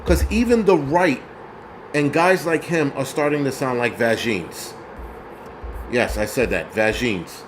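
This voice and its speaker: A man of Puerto Rican origin rants as the host of his own show, cursing freely and mocking the people he talks about. His voice sits somewhat higher than most men's, and faint background noise runs under the recording. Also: animated, normal speed. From Puerto Rico. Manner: profane, heated, mocking. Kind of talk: angry ranting commentary.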